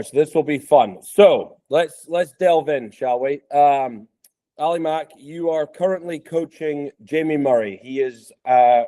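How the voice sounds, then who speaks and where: Podcast host, scottish man, thirties, softened accent, mellow dark voice, chatty with lots of ums. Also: medium pitch. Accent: Scottish, softened by years in the US. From Scotland. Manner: chatty, with frequent ums and restarts. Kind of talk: casual interview chat.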